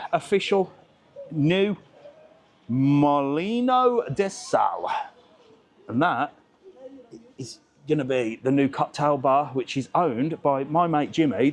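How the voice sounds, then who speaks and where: A man with a slightly raised voice keeps up a cheeky, chatty running commentary as he strolls a seaside market. He stops strangers to chat, in a casual walking vlog recorded on a handheld camera outdoors. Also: fairly high pitch. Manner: chatty, cheeky, chats up passers-by. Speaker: travel vlogger.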